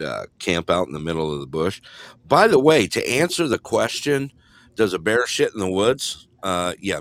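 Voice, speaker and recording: A man's voice: sits low, fairly bright tone, no room sound. A man co-hosting a show in rambling, jokey casual chat while camping in remote Alaska. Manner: rambling, jokey, laughs often. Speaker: co-host.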